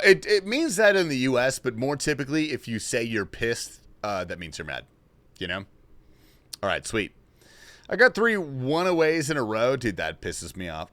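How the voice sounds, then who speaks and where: A man's voice: medium pitch, bright, forceful tone. A man thinking aloud on a casual livestream while solving a word puzzle, swearing when frustrated.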